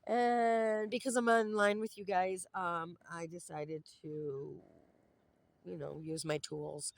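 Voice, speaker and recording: A woman's voice: lowish voice, fairly even intonation, slow pace, vocal fry, no echo. Cranky woman venting outdoors. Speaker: vlogger. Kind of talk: casual rambling monologue to camera. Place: outdoors by a pond with ducks.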